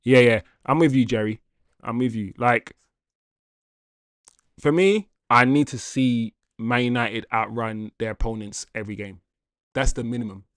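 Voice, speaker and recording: A young man hosting a casual football livestream, reading viewer comments with slangy, animated chatter and laughter. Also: medium pitch, unhurried, long pauses, dry recording, studio quality.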